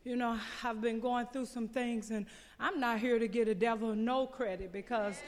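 A woman from the congregation giving an emotional, halting testimony in church. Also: fairly high pitch, steady tone, darkish tone, long reverb tail.

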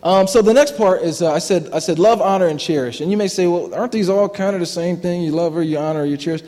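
A man's voice: high voice, quick pace, mellow. A man in his thirties giving a personal testimony in church, conversational and self-deprecating, laughing often and restarting his sentences. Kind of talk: sermon testimony. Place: church hall. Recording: long hall reverb.

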